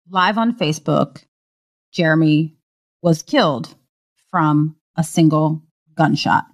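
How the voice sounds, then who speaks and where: A woman co-hosting a podcast, carefully retelling a news story to her co-host and quoting what people said. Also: medium pitch. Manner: earnest, measured retelling with quoted lines. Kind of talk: recounting a news story in conversation.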